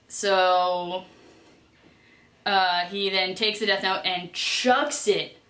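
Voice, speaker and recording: A woman's voice: mid-range voice, fairly even intonation, drawn-out words, bright, forceful tone. A woman vlogger recapping a TV episode in a chatty, gushing way, rambling and correcting herself as she goes. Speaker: vlogger reviewing a TV series. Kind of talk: casual vlog recap. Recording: roomy echo.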